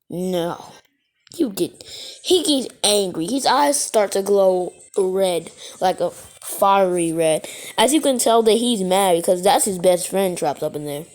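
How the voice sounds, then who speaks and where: A woman's voice: medium pitch, lively intonation, a little slow, a little mellow. A woman casually retelling a fan story as narrator, rambling and correcting herself as she goes.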